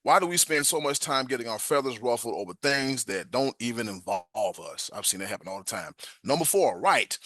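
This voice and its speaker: A male podcast host with a bright, forceful voice recorded close and dry. He reads a self-help passage aloud and trips over words now and then, then slips into animated, emphatic casual talk. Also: mid-range voice, brisk, few pauses, no echo.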